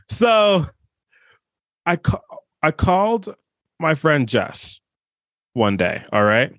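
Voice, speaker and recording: A man's voice: medium pitch, very animated, slow pace, a bit bright, no echo. A male podcast host telling a personal story in an earnest, reflective, conversational way.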